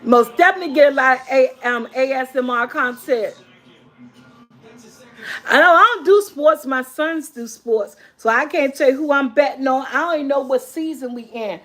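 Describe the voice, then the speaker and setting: A woman vlogger with a high, fairly bright voice talks at a normal pace over soft background music. She hosts her own vlog and chats loosely with viewers, reading their comments aloud in a casual live-stream style. She rambles, repeats herself, and calls everyone y'all.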